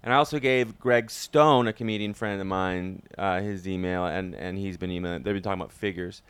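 A man's voice: low-pitched, fairly quick, smooth, no echo. A man hosting a podcast in casual chat, telling stories and acting out quoted lines. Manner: animated storyteller, acts out quotes. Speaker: podcast host.

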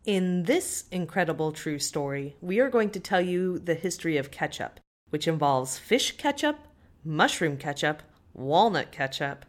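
A woman's voice: lowish voice, sing-song, moderate pace. A woman co-hosting a food history podcast, reading her scripted parts in a matter-of-fact way. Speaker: podcast co-host. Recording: faint music underneath.

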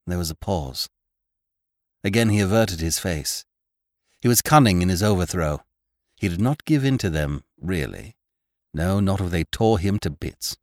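A man narrating a classic short story as an audiobook host, in a measured, expressive storytelling manner. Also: low voice, no room sound, clean studio sound. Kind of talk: scripted narration.

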